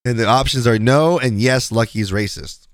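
A man's voice: medium pitch, moderate pace, no room sound, studio quality. A man hosting a podcast, talking through online drama in a loose, rambling way. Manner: rambling, many fillers and restarts. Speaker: podcast host. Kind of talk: casual commentary.

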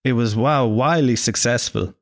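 A man's voice: mid-range voice, moderate pace, no echo, clean studio sound. An Irish man hosting a show, delivering a sarcastic, sweary, self-mocking comic monologue. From Ireland. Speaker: podcast host.

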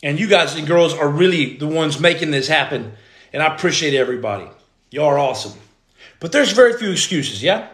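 A man's voice: fairly high pitch, lively intonation, brisk, a bit bright, roomy sound. A man hosting a motivational livestream, greeting viewers and reading their comments aloud. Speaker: podcast host, former Navy SEAL.

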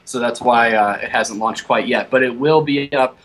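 A man's voice: mid-range voice, moderate pace, fairly bright tone. A man guesting on a casual podcast, talking in an easygoing way. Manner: easygoing, plugging his own show.

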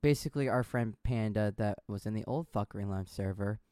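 A man hosting a casual chat show, reading viewer messages aloud with lively, laughing delivery. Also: lowish voice, a little fast, dry recording, clean studio sound.

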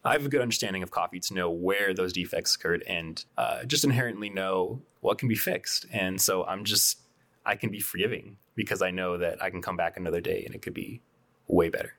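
A man's voice: low voice, fairly quick, a bit bright. A man who co-owns a coffee shop, talking casually and thoughtfully as a podcast guest, often repeating a word as he starts a thought.

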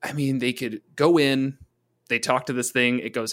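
A man co-hosting a casual tabletop gaming talk, chatty, often slipping into quick voices for monsters and players. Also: mid-range voice, steady tone, fairly bright tone. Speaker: podcast co-host, game master.

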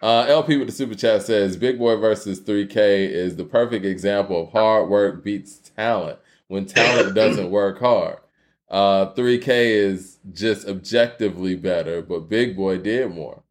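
A man's voice: on the low side, measured pace, hardly any pauses. A man hosting a casual live-streamed debate, loose and conversational, reading viewer messages aloud. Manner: loose and conversational, many fillers, walks through examples. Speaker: host reading super chats.

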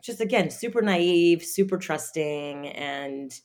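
A woman guest telling a personal story in an interview, halting, with many fillers and restarts. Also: sits low, expressive, darkish tone.

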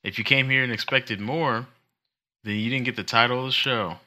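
A man's voice: medium pitch, fairly even intonation, normal speed, very noisy. A man co-hosting a podcast, chatting casually and teasing his co-host. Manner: joking, teasing. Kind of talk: casual chat.

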